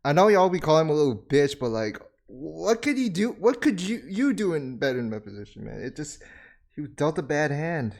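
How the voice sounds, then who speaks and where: A man's voice: fairly high pitch, very animated, normal speed, vocal fry, darkish tone. A man hosting an anime reaction, giving casual commentary full of exclamations, laughter and swearing, and talking straight to his viewers. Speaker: anime reaction channel host.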